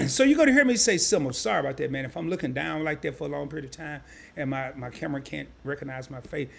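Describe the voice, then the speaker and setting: A man's voice: on the high side, lively intonation, fast, gravelly, slight background noise. A man hosting a live stream, casually breaking things down step by step and often repeating himself. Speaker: crypto live stream host. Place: home setup, sharing his screen.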